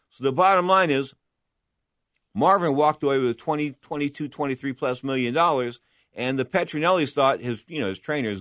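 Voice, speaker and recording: A boxing commentator with a mid-range, fairly bright voice delivers an opinionated monologue on boxing history, recorded cleanly in a studio with no room sound. He's blunt and emphatic, frequently posing questions and answering them himself.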